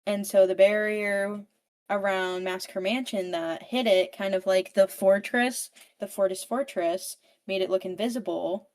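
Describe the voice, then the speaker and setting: A woman's voice: medium pitch, a little slow. Foul-mouthed woman recapping a book. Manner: swears freely, fills speech with "like"; animated storyteller, paraphrasing characters. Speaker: book podcast participant. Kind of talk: casual book recap chat.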